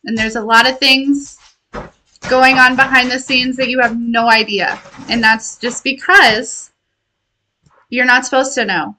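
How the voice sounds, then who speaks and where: Bright-voiced woman, slow and rambling. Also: sits high, fairly even intonation, slight background noise, low-quality recording. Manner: rambling, laughs often, affectionate. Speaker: tarot reader and intuitive healer. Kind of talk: casual spiritual message to viewers.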